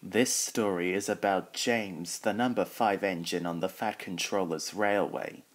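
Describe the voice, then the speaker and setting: A man with a very low voice reads a children's storybook aloud at an unhurried pace. He voices every character himself without changing his voice much. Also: steady tone.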